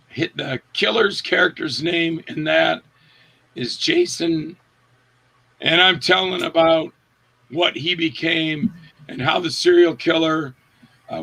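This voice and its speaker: The speaker is a man, an actor being interviewed, whose voice sits on the high side and sounds gravelly. He recounts set stories casually and animatedly, raising his voice whenever he acts out a quote.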